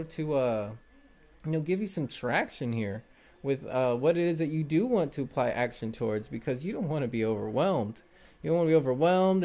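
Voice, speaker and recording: A man's voice: a little high, darkish tone. A man with a slightly raised voice reads tarot cards live for his viewers. He talks in a loose, encouraging way, rambling with plenty of fillers as he goes. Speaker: tarot reader.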